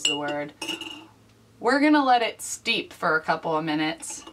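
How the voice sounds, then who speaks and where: A woman hosting a casual comedic vlog, delivering wry, deadpan asides. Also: low-pitched, measured pace, recorded from a distance, background noise. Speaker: vlog host.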